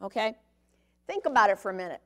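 A woman's voice: mid-range voice, sing-song, fast talker. A middle-aged woman teaching a sermon-style Bible lesson, conversational, often checking in with her listeners. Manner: conversational teaching, frequent "okay?" check-ins.

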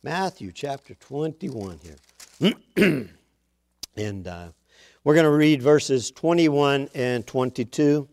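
A man preaching a sermon, reading scripture aloud and swelling louder on the quoted words. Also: mid-range voice, animated, slow, gravelly.

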